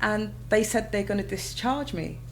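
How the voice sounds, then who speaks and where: A British woman, a mother, telling her own story in a casual interview, lively and expressive, often acting out her past reactions. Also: mid-range voice, normal speed, vocal fry, faint music behind. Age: adult with children. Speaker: guest.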